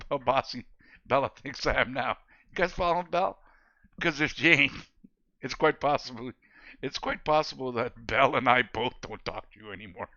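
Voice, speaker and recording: A man's voice: medium pitch, bright, forceful tone, no echo, muffled recording. A man streaming a video game, chatting casually with viewers in a laid-back, joking way and laughing often. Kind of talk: casual gameplay chat with viewers.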